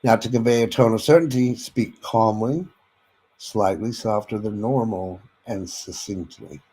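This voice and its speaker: Man teaching sales tonality, fairly low voice. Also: a little slow, dark tone, slightly rough, low-quality recording. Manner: instructive, addresses listeners directly with frequent "okay?"; demonstrates vocal tones and inflections while teaching. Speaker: sales trainer. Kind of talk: sales training lecture.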